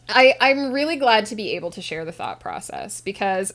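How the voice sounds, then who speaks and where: A woman's voice: medium pitch, expressive, moderate pace, hardly any pauses, fairly bright tone, faint music behind. A woman livestreaming as a writer, talking casually and earnestly to her chat from a home setup. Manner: earnest, reflective, talks to chat directly. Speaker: streamer and writer.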